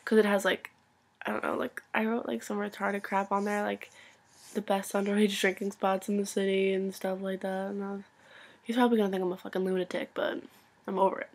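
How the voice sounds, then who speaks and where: A young woman telling an excited story for her vlog, gushing and full of "like," sometimes dropping to a whisper. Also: mid-range voice, a little fast. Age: young adult. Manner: gushing, breathless, constant "like" filler; swings between loud excitement and hushed whispers. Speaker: vlogger.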